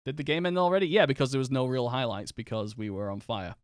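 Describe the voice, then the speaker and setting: A man's voice: medium pitch, no echo. A man with a Northern English accent talks loosely over a live game stream, rambling from tactics into stories and laughing easily. His voice sits in an ordinary middle register. The recording is close and dry, with no room sound. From England. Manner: chatty, rambling, quick to laugh and swear. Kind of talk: casual live-stream chat while gaming.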